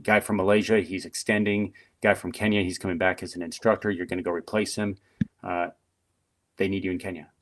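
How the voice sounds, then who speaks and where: A middle-aged man, a retired Marine guest on a podcast, telling stories in a chatty, animated way with lots of fillers. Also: sits low, brisk. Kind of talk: casual storytelling interview.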